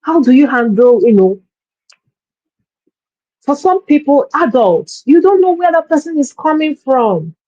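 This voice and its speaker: Woman, parenting coach, earnest, mellow, slightly high voice, dry slightly dull sound. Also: very animated, unhurried, long pauses, no echo. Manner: earnest, repeats words while searching for phrasing. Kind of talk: parenting workshop talk.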